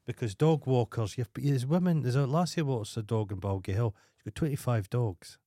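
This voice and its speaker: A Scottish man with a Dundee accent, co-hosting a casual comedy podcast and telling rambling, crude stories with deadpan humour. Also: medium pitch, moderate pace, dry recording, clean studio sound. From Scotland. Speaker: podcast co-host.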